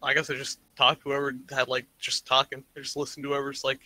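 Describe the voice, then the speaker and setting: A man's voice: mid-range voice, monotone, quick pace, crowd noise. A man playing a tabletop role-playing game who speaks casually and hesitantly. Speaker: player.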